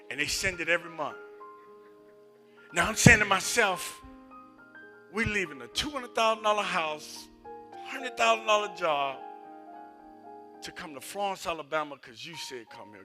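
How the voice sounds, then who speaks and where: A man preaching a sermon and telling personal stories, moving between loud emphatic passages and hushed near-whispers. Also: fairly high pitch. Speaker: associate minister. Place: church sanctuary.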